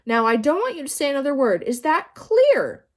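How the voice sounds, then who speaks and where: A woman voicing a temperamental female schoolteacher in a children's audiobook, high and sharp, swinging from snapping to sweetly apologetic. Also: very animated, normal speed. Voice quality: high, sharp and shouty when angry.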